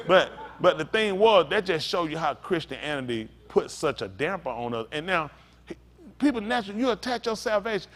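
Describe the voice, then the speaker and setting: A man's voice: fairly high pitch, big pitch swings, normal speed, fairly bright tone. A male pastor teaching a sermon in a conversational storytelling way, talking straight to the congregation.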